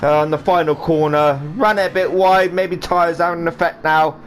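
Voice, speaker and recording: A man's voice: on the high side, steady tone, normal speed. A man giving rambling, jokey live commentary on a sim race he is also driving in, with a faint hum of game sound behind him. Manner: rambling, jokey, does silly voices for drivers.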